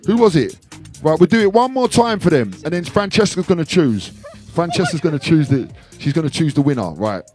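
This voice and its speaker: A man's voice: a little high, very animated, a little fast, darkish tone, soft background music. A man hosting a casual video with friends, playful and laughing often, repeating phrases as he talks. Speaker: DJ and video host.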